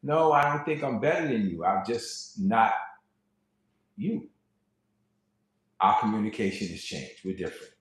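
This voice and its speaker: Male preacher on a live stream, lowish voice, chatty delivery, very echoey room. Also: lively intonation, a little slow, long pauses. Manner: conversational, repeats words when starting a thought, quotes scripture. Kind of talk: casual preaching to a live online audience.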